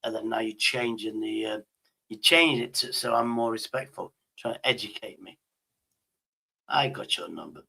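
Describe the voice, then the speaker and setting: A man's voice: lowish voice, fairly even intonation, moderate pace, bright, forceful tone, husky. A man hosting a casual chat, rambling with frequent restarts and swearing. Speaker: host.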